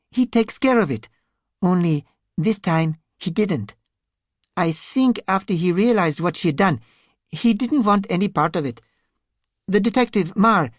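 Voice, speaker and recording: This is a woman performing a terrified, weeping man who stutters and whimpers as he speaks. Her mid-range voice is pitched above her own with light acting, captured in a clean studio with no room sound.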